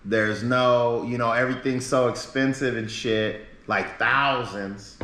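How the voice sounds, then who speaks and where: Male streamer, casual and profane, rambles through anecdotes, voice at an everyday pitch in a roomy space. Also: steady tone, unhurried, bright, forceful tone, slight background noise. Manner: rambling, profane, acts out quoted people. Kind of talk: casual livestream storytelling. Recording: roomy echo.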